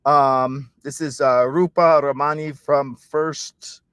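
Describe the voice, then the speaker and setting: Sitting in his car, a man who hosts a cricket channel chats in a casual vlog, rambling, joking and poking fun at himself. His mid-range voice is steady, slow, fairly bright, clear and resonant, recorded dry.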